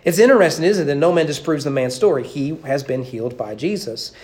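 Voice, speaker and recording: A man's voice: on the high side, animated, quick pace, a little mellow. A man preaching a sermon as pastor, emphatic, with repeated phrases and rhetorical questions.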